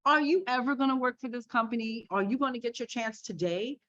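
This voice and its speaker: Lively laughing woman storyteller, lo-fi sound. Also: on the high side, brisk. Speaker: podcast guest, makeup artist. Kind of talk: casual storytelling. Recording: dull lo-fi sound.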